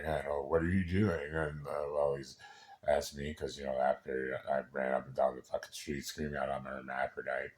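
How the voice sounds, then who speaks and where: A man in a casual personal monologue who rambles, swears freely and keeps restarting his sentences. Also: very deep voice. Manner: rambling and profane, with many halting restarts.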